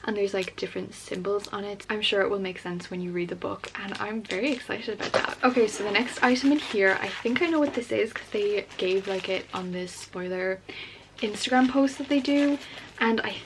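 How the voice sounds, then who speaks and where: A young woman vlogging casually about books, gushing and excitable, with lots of filler words. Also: mid-range voice, a little fast, noisy background. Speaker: book vlogger. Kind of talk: casual unboxing chat.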